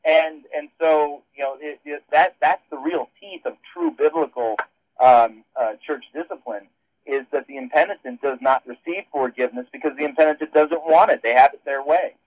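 A man's voice: fairly high pitch, expressive, normal speed, vocal fry, no room sound. A man on a radio show explaining theology in a rambling way, with frequent restarts. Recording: dull phone-line sound.

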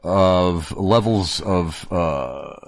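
Deep voiced guy hosting a church debate chat, earnest, trips over his words a lot, dry sound. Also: drawn-out words, no echo. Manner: earnest, argumentative, many restarts. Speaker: host of a theology discussion. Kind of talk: casual theological discussion.

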